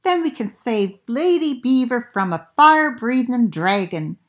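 A woman reading aloud, voicing an eager, untidy young boy turtle from a storybook in a raised childlike pitch. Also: sing-song, a little slow.

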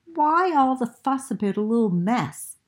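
A woman reading aloud, voicing an eager, untidy young boy turtle from a storybook in a raised childlike pitch. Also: big pitch swings, a little slow.

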